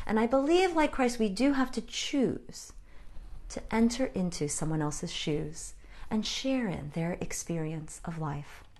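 A woman giving a conversational sermon, candid and self-deprecating, with frank asides to her listeners. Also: on the high side. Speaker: preacher.

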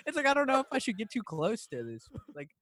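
A man's voice: very high voice, wildly swooping pitch, fast, sharp tone, dry recording. A man chatting casually, rambling and swearing as he laughs through his stories. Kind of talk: casual chat.

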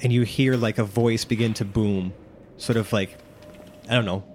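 A man's voice: lowish voice, fairly even intonation, normal speed, a little hiss or hum. A man narrating as game master, rambling with many fillers.

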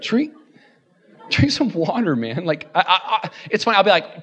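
High-voiced joking male preacher. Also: big pitch swings, normal speed, some chatter behind. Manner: self-deprecating, joking, laughing often; rises to loud declarations. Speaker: guest preacher. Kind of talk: sermon.

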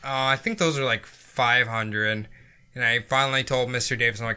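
A man's voice: mid-range voice, moderate pace, pushed and bright, smooth. A man co-hosting a podcast, chatting casually and explaining himself in a rambling, defensive way. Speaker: podcast co-host. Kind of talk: casual banter.

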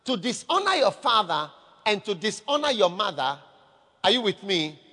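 A man preaches a sermon in a high voice and keeps calling out to his listeners for an answer. His words hang in a long reverb from a large hall. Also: sing-song, moderate pace, sharp tone. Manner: calls for audience response. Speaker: pastor.

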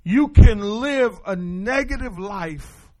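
A man's voice: sits high, takes it slowly. A male pastor preaching a sermon, calling out questions to the congregation and answering them himself. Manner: call-and-response preaching, animated.

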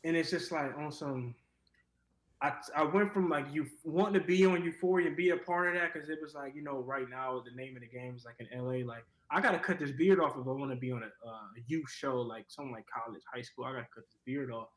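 A young actor from Cleveland talking casually in an interview, rambling with lots of fillers. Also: male voice, mid-range voice, quick pace, a bit bright, reverberant, low-quality recording. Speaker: actor guest.

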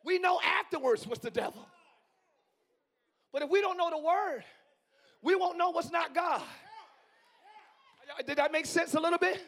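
A pastor in his forties, his strikingly high voice worn hoarse, preaches a live sermon in a church sanctuary at a normal pace with frequent pauses. He moves from quiet musing to yelling exhortation as he works the congregation.

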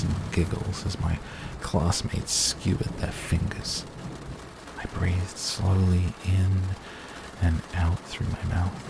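A man narrating an audiobook in a measured, unhurried way. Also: low-pitched, gravelly, noisy background.

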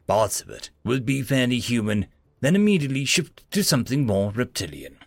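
A man narrating a story in the first person in an expressive, dramatic way. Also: medium pitch, a little fast, vocal fry, no room sound. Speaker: audiobook narrator.

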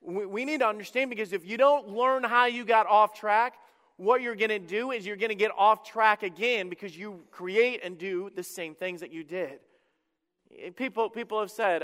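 A middle-aged man preaching a sermon in church, telling a personal story with self-deprecating humor and quick restarts. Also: high voice, fairly bright tone. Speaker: pastor. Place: church sanctuary. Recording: echoey church hall.

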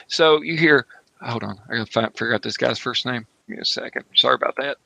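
A man's voice: medium pitch, fast, gravelly, pushed and bright, no room sound. A man running a tabletop horror game as game master, narrating loosely and casually with frequent swearing.

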